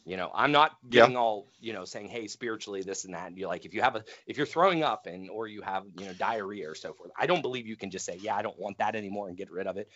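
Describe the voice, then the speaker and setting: A man co-hosting a podcast, talking in an animated, jokey way and leaning on "you know" in casual chat. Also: fairly low pitch, quick pace, hardly any pauses, no room sound. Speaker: podcast co-host. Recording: dull lo-fi sound.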